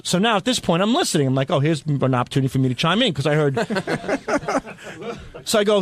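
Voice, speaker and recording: Brief: New man, radio regular, blunt and self-mocking, higher voice, close dry mic. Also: very animated, fairly quick, no echo. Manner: rambling, blunt and profane, self-deprecating. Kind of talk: casual studio banter, telling a story. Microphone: studio microphone.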